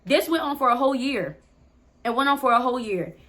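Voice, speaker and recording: A woman's voice: high-pitched, expressive, fairly quick, pushed and bright. Candid woman telling a storytime. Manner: candid, swears freely, addresses viewers as y'all. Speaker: storytime vlogger. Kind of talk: casual storytelling to camera.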